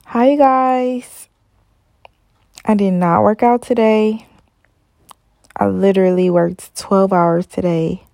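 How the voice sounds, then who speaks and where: A woman's voice: mid-range voice, fairly even intonation, measured pace, vocal fry, mellow, no echo, studio quality. A tired woman hosting a casual solo podcast, rambling with many ums and stopping to correct herself. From Los Angeles area. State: tired, yawning. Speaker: podcast host.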